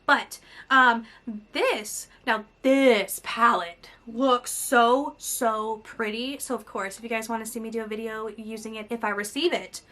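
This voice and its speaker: Beauty vlogger, woman of thirty, chatty review style, crisp bright tone. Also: fairly high pitch, steady tone, normal speed. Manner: chatty, reads product blurbs aloud with asides. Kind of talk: casual product review.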